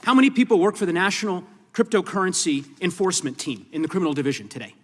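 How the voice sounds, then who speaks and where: In a large, reverberant hearing room, a congressman firmly presses a witness with questions, reclaiming his time and talking over her interruptions. His voice is high, animated, and racing.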